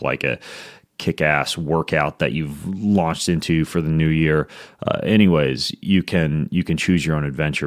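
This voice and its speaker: A man's voice: very deep voice, no echo. A man hosting his own podcast, talking in an upbeat, rambling way with plenty of fillers as he reads his intro and sponsor notes from a home studio. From United States. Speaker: podcast host.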